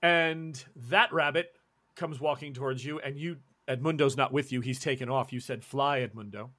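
A man's voice: a little high, moderate pace. A man narrating a tabletop role-playing game as game master. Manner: animated, lively narration.

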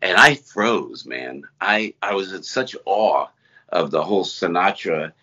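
Husky low-voiced man from New Jersey. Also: unhurried. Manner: animated, rambling anecdotes. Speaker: guest entertainer. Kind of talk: conversational storytelling. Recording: slightly dull lo-fi sound.

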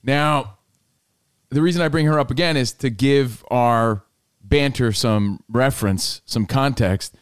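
A man's voice: mid-range voice, a little slow, smooth, dry recording. A male podcast host with a mid-range voice, bantering loosely and cracking jokes. His voice is close and dry with no room sound. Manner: loose and jokey, acts out quotes in a raised voice.

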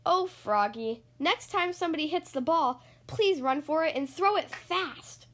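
A woman voicing a patient father who coaches his son's T-ball team in a storybook reading, with measured, instructive speech. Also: high voice, lively intonation, fairly bright tone.

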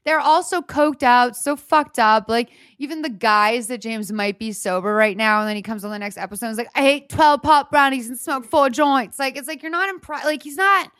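A woman chatting casually as a podcast co-host, animated, swearing freely and filling every pause with "like". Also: on the high side, dry recording, studio quality. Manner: animated, swears a lot, heavy use of "like". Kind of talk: casual chat.

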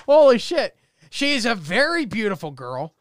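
High-voiced, clear-toned man hosting a comedy podcast. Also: very animated, normal speed, no room sound. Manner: reads out news stories, laughs often. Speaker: podcast host. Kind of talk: casual comedy chat.

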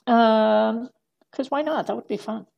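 A middle-aged woman speaks as a podcast guest, her voice strongly gravelly with plenty of vocal fry and sitting slightly high. She rambles, restarts her sentences and laughs often. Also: measured pace, a little mellow, lo-fi sound. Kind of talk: casual podcast conversation.

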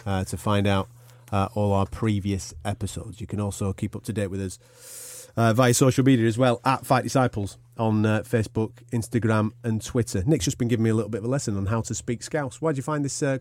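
A man's voice: fairly low pitch, darkish tone, no echo. A man co-hosting a sports podcast, teasing his co-host in casual chat. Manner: teasing, quick banter.

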